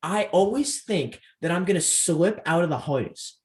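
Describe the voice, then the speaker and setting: A young man from Canada with a slightly high voice tells stories on a casual podcast. He talks in an animated, rambling way, packed with fillers. He is a co-host chatting with friends. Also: moderate pace. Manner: animated storyteller, acts out quoted voices, many fillers. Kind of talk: casual storytelling chat.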